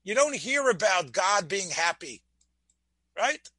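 A man's voice: high-pitched, big pitch swings, slow, pushed and bright, no echo. A man giving a Torah class, asking his listeners questions and often restarting his words. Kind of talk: Torah lecture.

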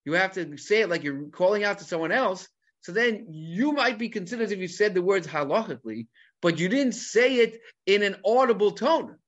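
A man giving an animated Talmud lecture, mixing Hebrew terms into English and asking rhetorical questions. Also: high voice, a little fast, highs cut off. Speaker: Torah teacher.

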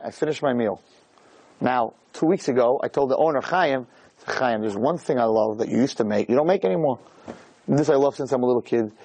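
A middle-aged man giving a jokey, animated storytelling talk as a rabbi, peppering it with "right?". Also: mid-range voice, breathy edge, no room sound. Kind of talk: storytelling lecture.

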